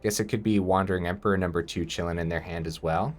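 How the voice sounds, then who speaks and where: A man giving casual gameplay commentary, thinking aloud and breaking into excited outbursts. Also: sits low, quick pace.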